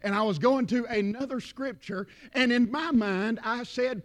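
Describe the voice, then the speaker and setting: A man's voice: extremely high pitch, moderate pace. A man with a Southern accent preaching a sermon as pastor, emphatic, repeating words and calling out amens.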